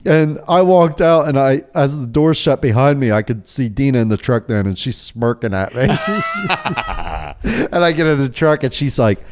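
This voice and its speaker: A man's voice: mid-range voice, huge pitch swings, normal speed, darkish tone. A man co-hosting a podcast, telling stories in casual chat, swearing freely and laughing often. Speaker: podcast co-host.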